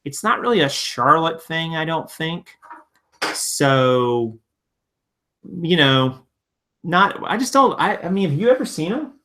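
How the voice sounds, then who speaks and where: A man's voice: on the high side, expressive, measured pace, pauses often, fairly bright tone. A man from Virginia hosting a casual live stream, answering viewer comments in a rambling, conversational way full of restarts. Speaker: live-stream host and reseller.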